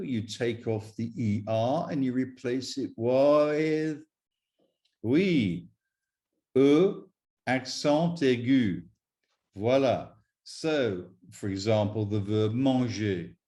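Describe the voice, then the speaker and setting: A man teaching French pronunciation at an unhurried pace, with a mid-range voice. He is deliberate and repeats every example word so learners can follow along. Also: medium pitch, dark tone. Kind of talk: explaining pronunciation rules.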